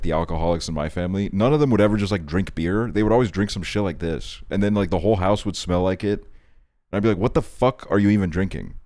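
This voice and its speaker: A young man from Estonia chatting casually on a stream, rambling and profane, telling animated stories. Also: low voice.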